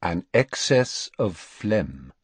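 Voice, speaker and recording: Husky, expressive male audiobook narrator. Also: sits low, no echo. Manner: measured, expressive storytelling. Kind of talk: scripted narration.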